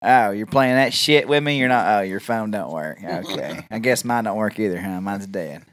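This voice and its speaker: A man voicing a laid-back friend who refuses to leave, in a slow, mumbled drawl. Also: lowish voice, animated, a bit bright, dry recording, voice pushed down. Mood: stubborn, lazy.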